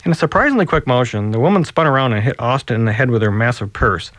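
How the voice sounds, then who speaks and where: Man reading his novel aloud, wry and deadpan. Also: medium pitch, quick pace, no echo. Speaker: author.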